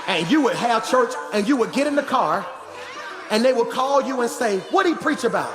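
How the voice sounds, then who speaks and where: High-voiced preacher man in a reverberant hall. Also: expressive, moderate pace, crowd noise. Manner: conversational preaching that builds to shouting. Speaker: pastor. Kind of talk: sermon. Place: large church hall. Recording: church hall reverb with music behind.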